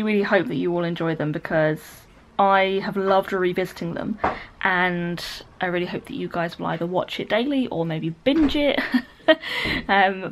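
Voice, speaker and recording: A British woman in her twenties speaks to the camera in a low-side voice, with slight background noise audible. She's indoors in her living room, giggling and rambling through a casual vlog chat.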